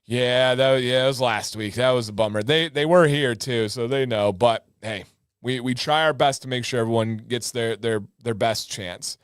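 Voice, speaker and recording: Lively man hosting a livestream. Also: medium pitch, normal speed, smooth, no echo, clean studio sound. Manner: animated storyteller with sound effects. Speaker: livestream host. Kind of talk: casual livestream chat.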